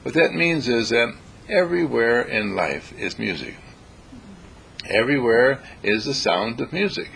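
A man giving a spiritual lecture in an animated way, acting out everyday examples and chanting sounds. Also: medium pitch, a little slow, gravelly, a little hiss or hum.

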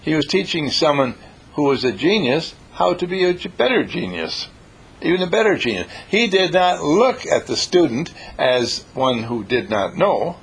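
Gravelly husky guy telling inspirational stories, voice jumps all over, hammers the same lines again and again. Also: fairly high pitch, moderate pace. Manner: animated, repetitive, emphatic storyteller. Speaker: speaker. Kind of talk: inspirational storytelling talk.

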